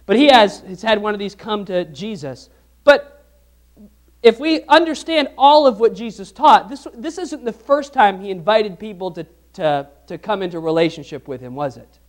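Guy preaching, kinda high voice, asks the crowd stuff and repeats lines a lot. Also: animated, normal speed. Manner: asks the congregation questions, repeats phrases for emphasis. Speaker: pastor. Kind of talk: sermon.

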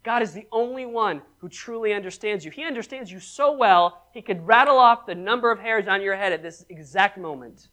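A preacher giving a sermon who asks the congregation questions, calls for amens, and swings between loud exhortation and hushed emphasis. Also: medium pitch, brisk, hardly any pauses.

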